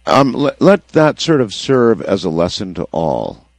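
Low-voiced male call-in host, animated delivery, wry and wordy, dry studio sound. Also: measured pace, creaky, no room sound. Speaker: late-night radio call-in host. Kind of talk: radio call-in show. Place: radio studio.

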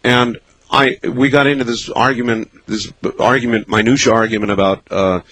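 A man hosting a late-night call-in radio show from a studio, musing and halting as he thinks aloud. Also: mid-range voice, fairly even intonation, a bit bright, no room sound, poor audio. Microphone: studio microphone.

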